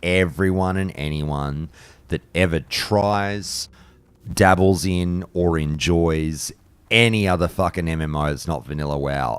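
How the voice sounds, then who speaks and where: A man's voice: deep voice, unhurried, clean tone, no room sound. A man chatting casually and bluntly on a live stream, swearing freely and rambling between thoughts. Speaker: streamer and podcast host. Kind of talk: casual live-stream chat while gaming.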